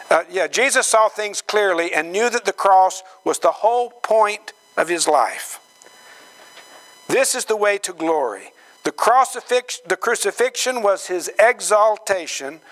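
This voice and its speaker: A man preaching a sermon, slow and emphatic, acting out quoted voices with dramatic swings in pitch. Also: fairly bright tone, poor audio. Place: church gathering hall.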